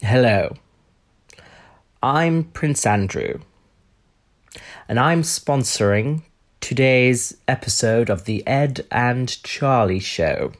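Pompous posh royal gentleman, self-pitying, lively swooping delivery, as a man puts him on. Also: mid-range voice, slow pace, long pauses. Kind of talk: comedic impression.

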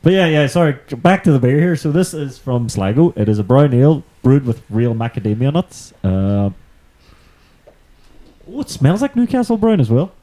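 A man's voice: mid-range voice, very animated, moderate pace, dark tone. A man with a Belfast accent, hosting a casual podcast chat, chatty, laughing often and swearing freely. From Northern Ireland. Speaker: podcast host.

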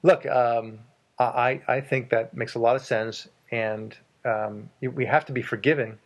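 A man's voice: mid-range voice, fairly even intonation, a little slow, muffled recording. A man hosting a casual advice chat, emphatic and repeating words for stress as he tells anecdotes from his work.

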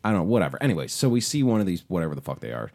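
A man's voice: deep voice, very animated, very fast, vocal fry, a little mellow. A man hosting a podcast, telling rambling stories in casual chat and swearing a lot. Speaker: podcast host.

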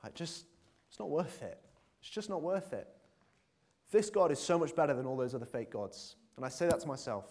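A man's voice: fairly high pitch, animated, a little fast, darkish tone. A man preaching a conversational sermon in a church, earnest and full of fillers, building to emphatic appeals.

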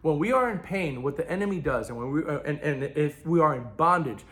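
Bright-voiced man preaching with loud bursts. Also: on the high side, animated, brisk. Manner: emphatic preaching that swings between loud bursts and quiet asides. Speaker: pastor. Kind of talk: sermon.

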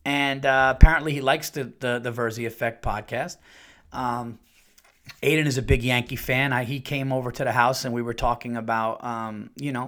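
A man's voice: medium pitch, a bit bright. A man hosting his own podcast, talking casually and candidly with lots of fillers and restarts. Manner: rambling and candid, with many fillers and mimicked quotes. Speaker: podcast host. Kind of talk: casual solo podcast chat.

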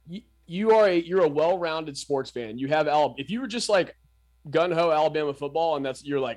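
A man's voice: a little high, fairly quick. A man co-hosting a casual sports podcast, teasing his partner in playful banter. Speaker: podcast co-host.

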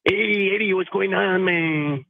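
A man's voice: high-pitched, unhurried, vocal fry, dry recording. A man calling into a radio show over the phone, speaking in an exaggerated put-on accent. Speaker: caller. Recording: tinny phone line.

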